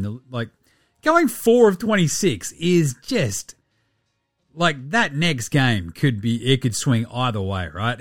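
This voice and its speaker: Australian man hosting a sports podcast, mid-pitched, very lively delivery, swears a lot, dry close-miked sound. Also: no echo. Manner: animated, profane, rambling. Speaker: podcast host. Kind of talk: casual sports podcast chat.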